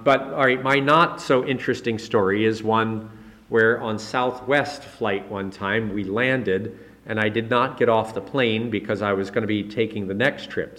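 A man preaching in a relaxed, conversational way, correcting himself often and pushing his voice up to stress key points. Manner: relaxed, chatty preaching with frequent self-corrections; rises in pitch and volume to stress key points. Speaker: pastor. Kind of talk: conversational sermon.

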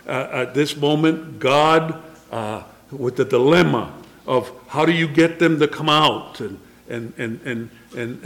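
An older man preaching a sermon, slow and emphatic, asking rhetorical questions and quoting scripture in old-fashioned wording. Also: mid-range voice, creaky, fairly bright tone.

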